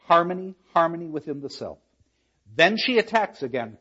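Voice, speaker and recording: A man with a slightly raised, husky voice teaches a literature class. He reads lines aloud with drama and turns to the class with playful, emphatic asides. The recording sounds dull and lo-fi. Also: fairly high pitch, animated, fast, a bit bright. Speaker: literature lecturer. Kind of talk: lecture with dramatic readings.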